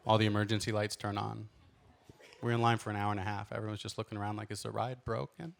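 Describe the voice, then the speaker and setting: A man's voice: lowish voice, monotone, fast, gravelly. A man in his thirties from Los Angeles, a stand-up comedian telling self-deprecating stories in a theatrical way on a club stage. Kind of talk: stand-up storytelling. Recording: noisy live club recording.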